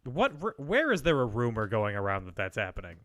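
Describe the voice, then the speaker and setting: A man's voice: lowish voice, huge pitch swings, brisk, crowd noise. An American man hosting a movie podcast, talking in a put-on Australian accent in casual, jokey chat. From United States. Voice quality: exaggerated jokey delivery. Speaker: podcast host.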